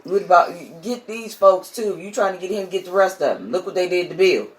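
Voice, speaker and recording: A man making his point forcefully in a casual panel chat. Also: high voice, a little fast, poor audio.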